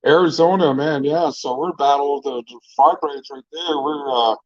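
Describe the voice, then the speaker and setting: Relaxed, foul-mouthed male vlogger, chatty and rambling, dry and slightly muffled recording. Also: a little high, moderate pace, no echo. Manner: laid-back, profane, rambling with many fillers. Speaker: restaurant owner and vlogger. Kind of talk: casual storytelling.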